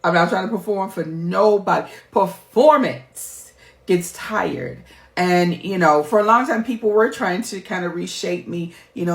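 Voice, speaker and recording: A woman's voice: lowish voice, normal speed. A middle-aged woman, a life coach, talking candidly to her viewers in a heartfelt, emphatic, chatty way. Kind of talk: candid personal vlog talk. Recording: roomy echo.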